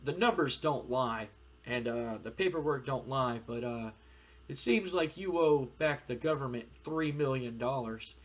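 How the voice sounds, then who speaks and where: A man voicing a stiff, officious tax agent speaking slowly. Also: medium pitch, close to an everyday voice.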